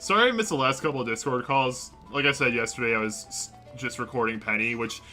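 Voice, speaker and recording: A man's voice: medium pitch, fast, pushed and bright, faint music behind. A young man streaming a video game, chatting casually and rambling with lots of self-corrections as he talks to his viewers. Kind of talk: casual livestream commentary. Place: home room at a computer. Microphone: desk mic.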